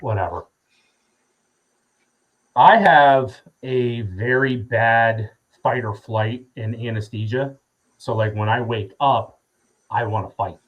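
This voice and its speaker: Husky man telling a rambling story. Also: on the low side, muffled recording. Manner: profane, rambling with many fillers. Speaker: podcast guest. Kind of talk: casual storytelling.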